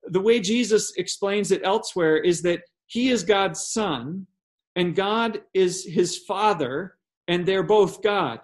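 Man, pastor, sermon, high voice, earnest, rhetorical questions, repeats words. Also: takes it slowly.

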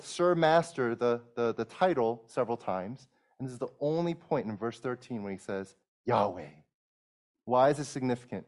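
A man in his thirties preaching a sermon as a pastor, with a voice of ordinary middle pitch. He speaks earnestly and explains as he goes, often stumbling and restarting mid-phrase. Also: darkish tone. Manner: earnest, frequent restarts and repeated words.

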